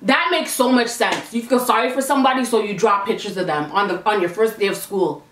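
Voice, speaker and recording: A young woman from the Toronto area, telling a slangy, animated storytime vlog. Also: mid-range voice, a little fast, far from the mic, slight background noise. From Toronto area, Canada. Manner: chatty, slangy, animated retelling. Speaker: vlogger. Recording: echoey room, mic set back.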